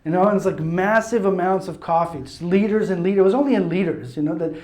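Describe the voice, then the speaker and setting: A man's voice: high-pitched, fast, darkish tone. Chatty man in a roomy space. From Italy. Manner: chatty, self-mocking, laughs at his own stories. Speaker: speaker. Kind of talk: casual testimony talk. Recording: roomy echo.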